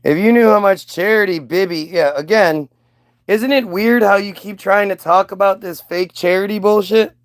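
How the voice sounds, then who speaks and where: A man's voice: high-pitched, normal speed, dry recording. A man ranting in casual commentary, sarcastic and profane, mocking people as he reacts to clips.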